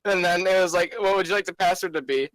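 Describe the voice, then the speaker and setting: A man's voice: high-pitched, fast talker, fairly bright tone, no echo, low-quality recording. A young man co-hosting a podcast, chatting casually and rambling through a story with many restarts. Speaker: podcast co-host. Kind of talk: casual chat.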